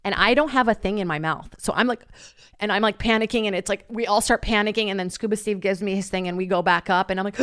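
A woman hosting a podcast, telling a funny story in a lively, casual way, swearing freely and acting out what people said. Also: medium pitch, fast, no echo, clean studio sound. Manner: animated, swears freely, acts out quotes. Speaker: podcast host.

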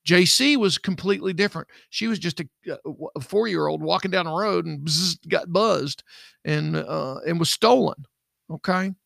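Middle-aged man, ex-investigator type, very gravelly voice, dry close sound, rambling storyteller. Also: a little high, normal speed, a bit bright, no echo. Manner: rambling, acts out quoted dialogue. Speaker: podcast co-host, former investigator. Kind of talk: casual true-crime storytelling.

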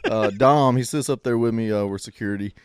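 A man's voice: medium pitch, brisk, smooth, no room sound. A man co-hosting a casual podcast chat, laid-back and drawling, with many hesitations. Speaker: podcast co-host.

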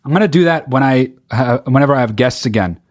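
A man's voice: mid-range voice, expressive. A man hosting a solo podcast, rambling in casual talk and swearing freely. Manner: rapid, profane, rambling. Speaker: podcast host.

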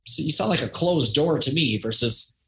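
A man's voice: fairly high pitch, lively intonation, moderate pace, gravelly, fairly bright tone, rough recording. A man in his thirties, a podcast guest, telling a personal story in a reflective, casual way. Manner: reflective, storytelling, acts out quoted voices. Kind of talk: casual conversation.

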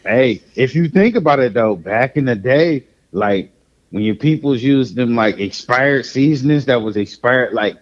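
A man's voice: medium pitch, lively intonation, a little slow, muffled recording. Profane, rambling man on a podcast. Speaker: podcast co-host. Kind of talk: casual chat.

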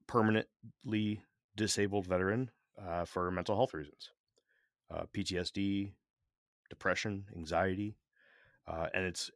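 Male podcast co-host, very deep voice; earnest and candid, halting often, dry close-mic sound. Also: a bit bright, dry recording. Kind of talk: casual podcast chat.

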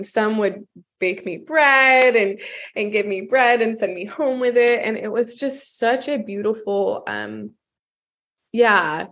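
A woman guest recounting personal stories in an earnest, halting way, with many ums and restarts. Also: mid-range voice, creaky. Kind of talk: reflective storytelling.

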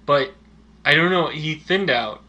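A man's voice: fairly high pitch, expressive, unhurried, pushed and bright, highs cut off. A man co-hosting a casual movie chat, giving dry, teasing, opinionated takes. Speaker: podcast co-host.

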